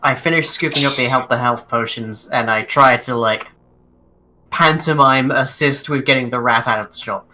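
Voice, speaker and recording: A man's voice: mid-range voice, moderate pace, bright, forceful tone, a little hiss or hum, rough recording. A man playing a tabletop game, describing his character's actions playfully with stumbling restarts. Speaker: player.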